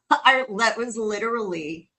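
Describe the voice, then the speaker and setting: A woman's voice: fairly low pitch, normal speed. Chatty, laughing woman co-host. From New Orleans. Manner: chatty, laughs often, quotes others in lively bursts. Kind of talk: casual podcast chat.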